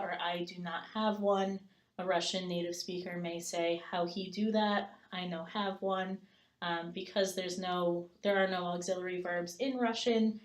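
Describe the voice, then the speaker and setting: A woman with a somewhat low voice presents an explanation. She talks in a measured way and often pauses with "um". Her voice carries a noticeable echo from the room. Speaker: presenter explaining language learning. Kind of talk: scripted-ish academic presentation.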